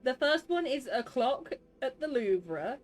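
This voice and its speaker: Exasperated woman streamer, lively pitch. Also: faint music behind. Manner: grumpy, exasperated, quick to laugh. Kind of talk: live game stream chat.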